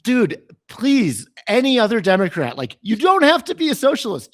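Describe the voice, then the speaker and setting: A man with a fairly high voice co-hosting a political podcast. He talks in an excited, profane rush, piling up one riff after another in loose casual chat. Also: creaky, dry recording, studio quality. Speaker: podcast co-host.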